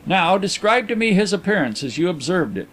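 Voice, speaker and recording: A man voicing a calm gentleman detective in an audiobook, measured and dryly ironic. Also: sits high, heavily acted.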